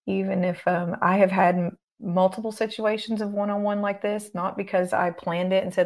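A middle-aged woman, a guest minister, talking earnestly and calmly in an interview and sometimes acting out the prayers she speaks. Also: mid-range voice, moderate pace, hardly any pauses. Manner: calm, earnest, instructive, acts out prayers. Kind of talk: conversational teaching interview.

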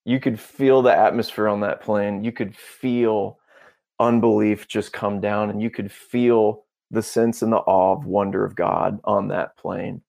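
A man as a podcast guest, telling a story in a casual, animated way and acting out the dialogue. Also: lowish voice, measured pace, gravelly. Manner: animated, acts out dialogue, peppers talk with "bro" and "dude".

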